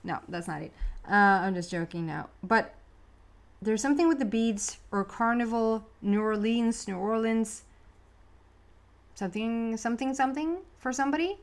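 Excitable, chatty woman reading tarot cards. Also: fairly high pitch, moderate pace. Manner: chatty, excitable, laughs often, restarts words. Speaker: tarot card reader. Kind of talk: casual tarot reading monologue.

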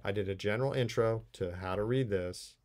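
A man's voice: on the low side, brisk, darkish tone. A man, a college English teacher, giving a recorded video lecture in a conversational, playful way, with asides while he explains poems.

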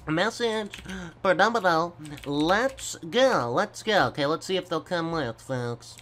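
A man doing goofy gameplay commentary, stammering and talking slowly to his viewers as folks. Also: high-pitched, expressive, fairly bright tone, slight background noise. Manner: slow, stammering, goofy, keeps addressing folks. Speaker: gaming YouTuber.

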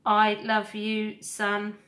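Woman doing a calm, resolute robot mother. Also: mid-range voice, very slow. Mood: tender.

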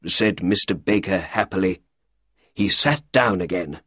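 A man reading a story aloud as an audiobook, in the first person, with a slow, clear delivery. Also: low-pitched, a bit bright, dry recording, clean studio sound. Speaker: audiobook reader.

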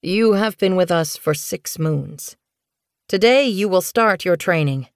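A stern male cat leader in a storybook, speaking with formal, ceremonial weight, played by a woman narrator. The delivery is slow and measured. The sound is dry and close. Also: on the low side, no echo. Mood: solemn.

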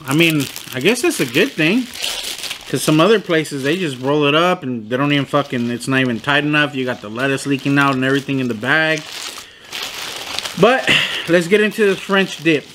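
A young man reviewing sandwiches in a casual food vlog, swearing freely and complaining loudly in disbelief about small portions. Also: on the high side, background noise. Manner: profane, animated, incredulous complaining.

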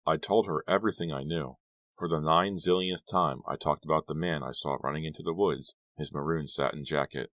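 A man narrating an audiobook in steady storytelling. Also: extremely low pitch, brisk. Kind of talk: scripted narration.

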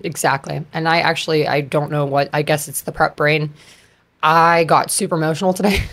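A woman in her thirties, a podcast guest, talking in a chatty, animated way with lots of fillers. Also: deep voice, a little fast. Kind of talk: casual conversation.

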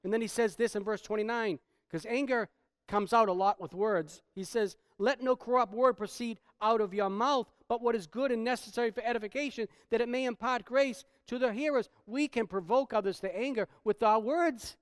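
A man pastor preaching a sermon, swinging from quiet stretches to loud, emphatic preaching. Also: extremely high pitch, moderate pace, smooth, dry recording, clean studio sound.

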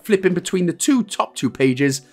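Lively Welsh man guiding a game walkthrough. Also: high voice, normal speed, soft background music. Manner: chatty, self-mocking asides between step-by-step instructions. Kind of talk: joking gameplay walkthrough commentary.

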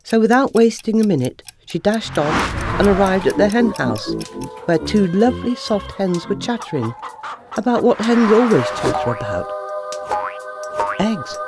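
A woman narrating a children's storybook with a lively, expressive reading. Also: medium pitch, moderate pace. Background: soft music.

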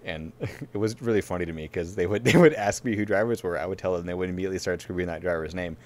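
A man's voice: sits low, fast talker, darkish tone. A man co-hosting a racing podcast in casual chat, telling a long rambling story full of fillers and frequent laughs. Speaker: podcast co-host.

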